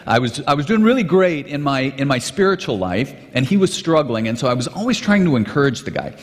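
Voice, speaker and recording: A man, a pastor, telling a story in a sermon in an animated, conversational way, heard in a large hall with long reverb. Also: medium pitch, a little fast.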